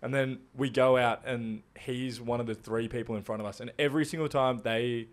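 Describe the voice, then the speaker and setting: A young Australian man in casual podcast chat. He jokes around, swears freely, and tells anecdotes in a mid-pitched voice. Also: steady tone, a little fast. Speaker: podcast co-host.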